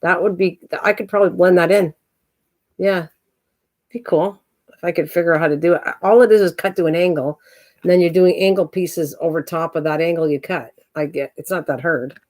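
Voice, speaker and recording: A woman's voice: on the low side, steady tone, brisk, a little mellow. A woman hosting her crafting channel, chatting casually and teasing while she works on journal pages. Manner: chatty, teasing, laughs easily.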